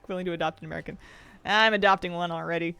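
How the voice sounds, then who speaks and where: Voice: medium pitch, fairly even intonation, fast talker, vocal fry, sharp tone, clean tone. A game streamer chatting casually while playing, reading viewer questions aloud and laughing often. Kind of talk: casual chat while gaming, answering chat. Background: faint game music.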